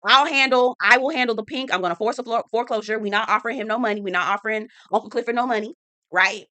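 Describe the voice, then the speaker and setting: A woman's voice: fairly high pitch, fast talker, pushed and bright, dry recording. A woman voicing a stern older male mayor who scolds a young man bluntly and with profanity. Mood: warning.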